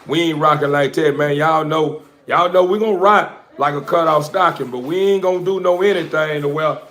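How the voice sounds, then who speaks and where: A man's voice: fairly high pitch, moderate pace, a bit bright. Rambling slangy man on a livestream. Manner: loose, rambling slang-heavy talk with many fillers. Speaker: dog breeder. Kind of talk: casual livestream chat.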